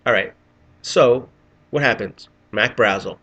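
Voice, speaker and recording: A man's voice: medium pitch, measured pace, a bit bright, slightly rough, muffled recording. A middle-aged man telling a rambling, profane story in a casual vlog, often restarting his sentences. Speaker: vlogger.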